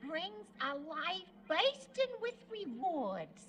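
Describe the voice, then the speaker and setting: An actress playing a sweet, guileless middle-aged housewife in a 1970s sitcom, speaking plainly and simply. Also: female voice, extremely high pitch, big pitch swings, a bit bright, exaggerated voice. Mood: plain, meek. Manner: slow, plain-spoken, guileless. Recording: noisy sitcom audio with laugh track.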